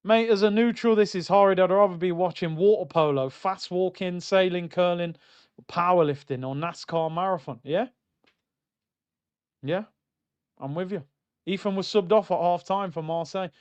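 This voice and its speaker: A young man reacting live to a football match on stream, swinging between loud outbursts and low muttering. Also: normal speed, smooth, dull audio. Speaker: watchalong streamer.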